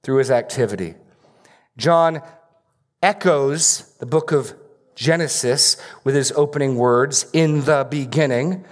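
A man's voice: medium pitch, a little slow. Emphatic man preaching a sermon. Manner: emphatic, repeats key phrases for stress. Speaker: pastor. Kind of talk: expository sermon.

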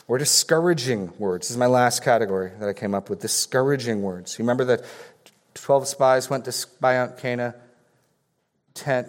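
In a large hall, a pastor with a medium-pitched voice preaches a sermon. He reads scripture passages aloud and unpacks them with pointed questions.

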